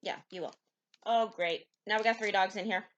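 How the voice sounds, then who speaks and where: A woman's voice: medium pitch, fairly even intonation, brisk, fairly bright tone, highs cut off. A woman in casual, self-deprecating chat, laughing easily. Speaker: co-host.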